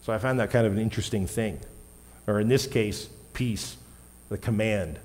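A man's voice: lowish voice, fairly even intonation, normal speed, a little mellow. A man preaching a sermon in a casual, conversational way, asking the congregation questions and correcting himself with light laughs. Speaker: pastor. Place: church hall. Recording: long hall reverb.

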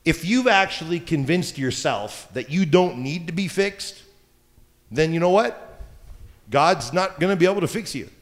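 A man's voice: fairly high pitch, lively intonation, moderate pace. A man preaching a sermon as pastor, talking in a conversational way with joking asides. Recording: long hall reverb.

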